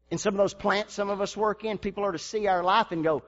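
A man pastor preaching a sermon in a church, dropping to a hush and then rising to a shout. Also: high voice, fairly even intonation, fast talker. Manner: preaching with big swings from hushed to shouting. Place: church sanctuary. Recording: dull lo-fi sermon recording.

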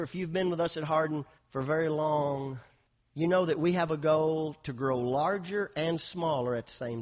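A man preaches a sermon, his voice sitting a little high. He swings from loud, urging calls to the congregation to soft, quiet storytelling, checking in with "Amen?" as he goes. The recording sounds dull and muffled. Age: 50s. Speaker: pastor.

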